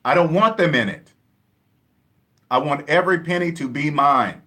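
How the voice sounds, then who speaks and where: A man's voice: fairly high pitch, lively intonation, moderate pace, sharp tone. Emphatic man lecturing on money. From Seattle area, USA. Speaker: personal finance vlogger. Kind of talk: casual monologue to camera.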